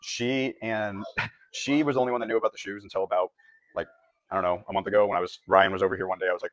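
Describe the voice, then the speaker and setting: A man's voice: deep voice, steady tone, rapid-fire, no room sound. A young man, a competitive bodybuilder, talking earnestly to camera in a reflective vlog and often correcting himself mid-sentence.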